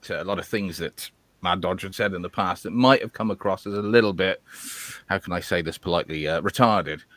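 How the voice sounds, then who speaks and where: A man's voice: on the low side, fairly bright tone, no room sound, rough recording. A man from England hosting a casual podcast, telling a story with crude, sarcastic banter.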